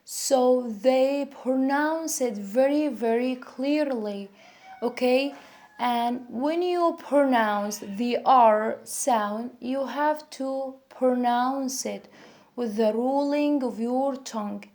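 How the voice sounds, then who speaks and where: A woman who is a native Arabic speaker, teaching an English pronunciation lesson and repeating example words slowly to demonstrate sounds. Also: high-pitched, a little mellow. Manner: slow, repetitive, demonstrating sounds.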